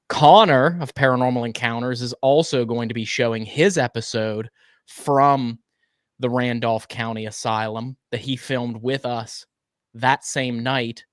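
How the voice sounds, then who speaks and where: A man hosting a casual live stream, speaking at an ordinary middle pitch. His voice is dry and close, with no room sound. He is chatty and keeps greeting viewers by name, now and then stumbling over a word. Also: no room sound. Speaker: livestream co-host.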